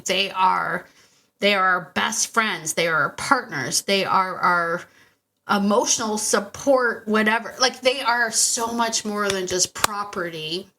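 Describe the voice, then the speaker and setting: A bright, forward-sounding woman hosting a casual podcast monologue into a stand mic in her home podcast room. She talks in an animated, chatty way and keeps breaking off into asides. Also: medium pitch, unhurried. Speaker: podcast host and dog trainer. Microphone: podcast microphone on a stand.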